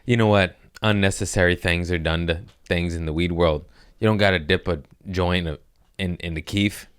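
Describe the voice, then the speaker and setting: A man's voice: low voice, fairly even intonation, moderate pace, clean tone, no echo, studio quality. A young man hosting a podcast in a podcast room, chatting casually in a rambling, profane, joking way. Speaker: podcast host. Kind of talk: casual comedic podcast chat.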